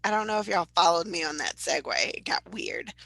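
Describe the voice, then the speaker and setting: A woman co-hosting a podcast in casual chat, animated and loud, laughing often. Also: fairly low pitch, brisk, vocal fry, rough recording. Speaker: podcast co-host.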